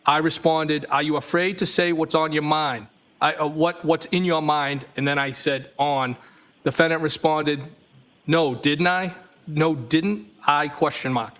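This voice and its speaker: A man's voice: a little high, little pitch movement, normal speed, fairly bright tone. A man testifying as a trial witness, reading text messages aloud evenly and speaking the punctuation marks.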